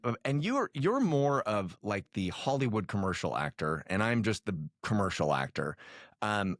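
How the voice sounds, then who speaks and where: A man's voice: fairly low pitch, dry recording, studio quality. A man hosting a podcast interview, talking in an earnest, agreeable way with a few restarts. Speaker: podcast host. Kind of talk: casual interview.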